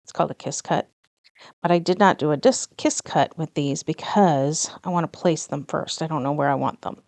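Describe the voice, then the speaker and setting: Middle-aged woman, low and gravelly, chatty self-correcting craft vlogger, dry close mic. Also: moderate pace, a little mellow, no room sound. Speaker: planner vlogger. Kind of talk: casual plan-with-me chat.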